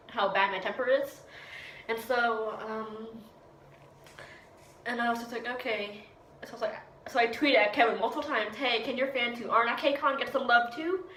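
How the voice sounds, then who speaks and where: A woman's voice: fairly high pitch, pushed and bright, reverberant, poor audio. A seventeen-year-old girl telling a rambling story in a casual vlog, talking around a retainer and acting out what people said. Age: teens. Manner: rambling, chatty, quotes people in voices. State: speaking with a retainer. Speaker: vlogger.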